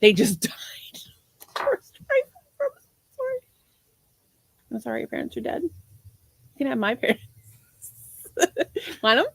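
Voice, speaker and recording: A woman's voice: on the high side, lively intonation, moderate pace, creaky, long pauses, a bit bright, husky, no room sound. A woman in her forties co-hosting a podcast, chatting casually with lots of laughter and some swearing. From half Portuguese. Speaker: podcast co-host. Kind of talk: casual livestream chat.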